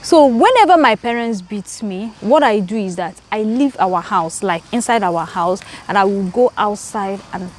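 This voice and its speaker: A woman's voice: mid-range voice, expressive, moderate pace, few pauses, slight background noise. A woman, hosting her own vlog and chatting to viewers in a garden, repeating words as she talks. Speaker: channel host. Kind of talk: casual storytelling vlog. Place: outdoors in a garden.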